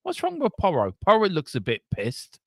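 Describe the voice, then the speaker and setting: A man hosting a football watchalong, chatting casually in a rambling, animated way and swearing now and then. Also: high-pitched, moderate pace, creaky, dry recording. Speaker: watchalong host.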